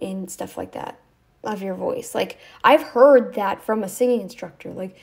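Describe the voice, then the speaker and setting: A woman's voice: fairly high pitch, darkish tone. A woman talking straight to the camera in a rambling, scolding, sarcastic way, full of "like" fillers. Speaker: YouTube commentator. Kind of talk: ranting direct-to-camera commentary.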